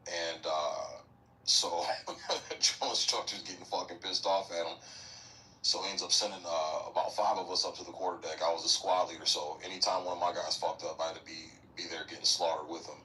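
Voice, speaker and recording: Brief: very low, bright-edged male voice; profane, rambling storyteller, casual podcast guest, mic a bit distant. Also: steady tone, brisk. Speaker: military veteran guest.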